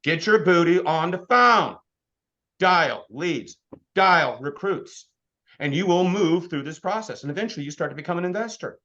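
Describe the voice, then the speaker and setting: A man in his fifties giving an energetic motivational business presentation as a sales trainer, firing off rhetorical questions. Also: a little high, moderate pace, highs cut off. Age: 50s.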